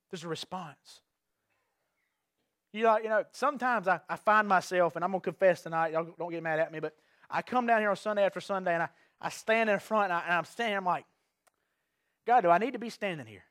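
A man's voice: high-pitched, fast, a bit bright, no room sound, studio quality. A man preaching an evening sermon to his congregation. He is earnest, repeats and restarts phrases, and puts questions to the listeners. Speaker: pastor. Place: church sanctuary.

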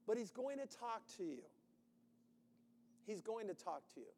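Male preacher, high voice, animated delivery with bursts of shouting, long hall reverb. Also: normal speed. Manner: animated, acting out anxious voices with sudden shouts. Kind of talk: sermon.

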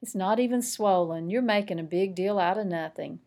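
A woman reading as a calm young girl, quiet and even, storybook voice. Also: mid-range voice, moderate pace, lightly acted.

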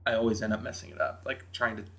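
A man's voice: lowish voice, fast talker. A man from New Hampshire, a podcast guest, telling a story in casual chat and acting out quotes. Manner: animated storyteller, acts out quotes.

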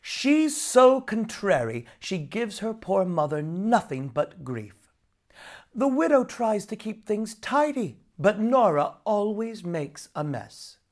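Narrator doing a loud, scornful old farmer. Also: medium pitch, sing-song, slow, voice pushed up.

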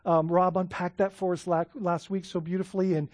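A man's voice: high voice, flat delivery, brisk, darkish tone, no echo, clean studio sound. A man preaching a sermon, earnest, asking rhetorical questions and often restarting his phrases. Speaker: pastor.

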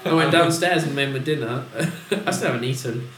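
A man's voice: mid-range voice, brisk, fairly bright tone, recorded from a distance. A young man co-hosting a casual comedic chat, rambling and jokey, laughing often. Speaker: podcast co-host. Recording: echoey room with faint hiss.

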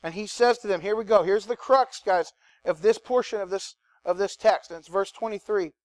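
A man preaches with animated, conversational energy and talks straight to his listeners. His voice sits fairly high for a man. The sound is close and dry, with little room echo. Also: normal speed. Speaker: pastor. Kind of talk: sermon.

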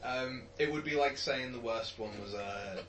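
A man's voice: medium pitch, normal speed, far from the mic, crowd noise. A man co-hosting a casual movie commentary podcast, laid-back and opinionated about films. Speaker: podcast co-host. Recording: echoey room, music behind.

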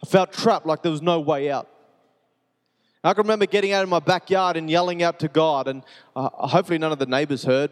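A man preaches with an earnest, repetitive cadence, now quiet and gentle, now pressing and urgent. His voice sits a little high for a man. The sound rings with the long reverb of a large church hall. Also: fairly quick. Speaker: pastor. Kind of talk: sermon with personal testimony.

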